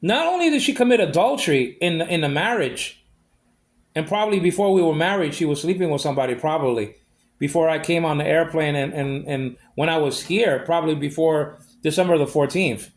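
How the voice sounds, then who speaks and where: A man's voice: fairly high pitch, lively intonation, fairly quick. A man ranting in a monologue, aggrieved and repeating himself as he vents. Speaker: vlogger.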